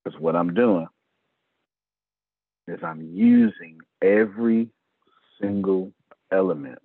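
A middle-aged man giving an animated business pep talk to his team, acting out conversations in shifting voices. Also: fairly low pitch, takes it slowly, vocal fry, husky, no room sound, phone-quality sound.

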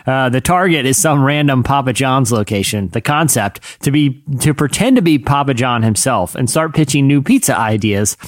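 A man's voice: mid-range voice, lively intonation, moderate pace, hardly any pauses, dry recording, studio quality. A man co-hosting a podcast, talking casually and rambling with lots of fillers. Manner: rambling, self-interrupting with many fillers. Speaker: podcast co-host. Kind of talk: casual chat.

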